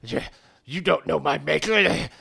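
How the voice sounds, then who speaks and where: A man voicing a cruel, sneering male goblin guard who shouts orders at prisoners in a tabletop game. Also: a little high, moderate pace, creaky, husky, heavily acted.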